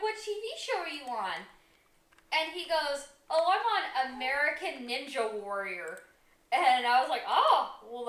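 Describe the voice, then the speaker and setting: A young woman co-hosting a livestream from home tells a rambling story with many ums and reads out chat comments. Her voice sits high with a fairly bright tone, in an echoey room.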